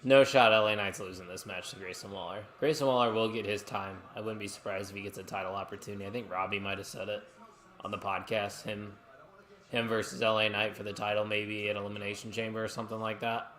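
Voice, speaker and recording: A man's voice: fairly low pitch, little pitch movement, quick pace, fairly bright tone. A man co-hosting a live watch-along stream, chatting casually and reacting to the action while reading viewer comments.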